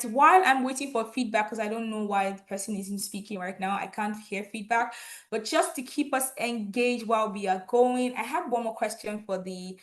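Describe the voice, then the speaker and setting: A young woman from Nigeria hosting an online graduation, chatty and lively, laughing often. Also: mid-range voice. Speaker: event host.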